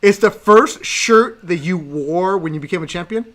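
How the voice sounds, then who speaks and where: A man's voice: high-pitched, moderate pace, a bit bright. A man hosting a podcast in casual chat, teasing his guest and repeating his commands. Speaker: podcast host.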